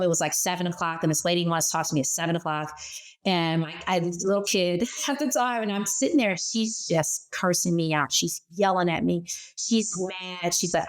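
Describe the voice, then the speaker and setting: A woman's voice: mid-range voice, normal speed. Middle-aged woman telling stories in an interview. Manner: lively personal storytelling. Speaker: guest, former startup CEO. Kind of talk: conversational interview.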